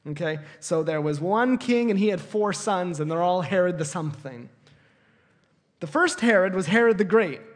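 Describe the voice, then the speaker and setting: A man preaching a sermon, explaining the story in a lively, animated way and correcting himself as he goes. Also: sits high, moderate pace. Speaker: pastor. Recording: long reverb of a hall.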